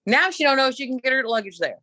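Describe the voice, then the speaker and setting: A middle-aged woman co-hosting a podcast, telling a story in an animated, opinionated casual chat. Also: sits high, racing. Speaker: podcast co-host.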